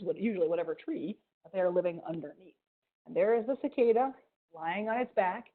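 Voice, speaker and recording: Ohio lady teaching kids about bugs on a video call, playful, sound effects, tinny phone-ish audio. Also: medium pitch. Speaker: museum educator. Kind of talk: live online science lesson for kids.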